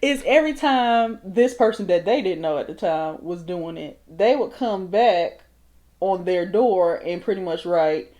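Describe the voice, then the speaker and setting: A woman's voice: lowish voice, animated, a little slow, dark tone. A woman in her thirties telling a storytime while doing her makeup, chatty and laughing often. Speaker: vlogger.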